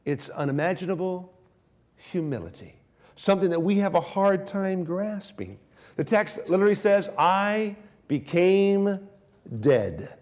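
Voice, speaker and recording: Slow-preaching man with a sermon cadence. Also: high-pitched, expressive. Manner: swings from hushed, drawn-out phrases to raised emphatic declarations.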